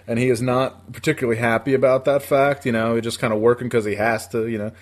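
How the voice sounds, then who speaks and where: A man from upstate New York spins a long, rambling story in loose podcast chat. He swears freely and laughs along with his own telling, at an everyday mid pitch. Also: level tone, quick pace. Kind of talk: casual storytelling.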